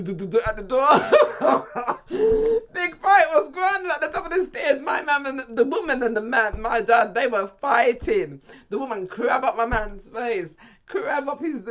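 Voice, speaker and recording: A vlogger from England with a British Jamaican patois accent, telling a storytime tale in an animated way and acting out the voices of the people in it. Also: medium pitch. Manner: animated storytelling, acts out voices, laughs often. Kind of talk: storytime vlog.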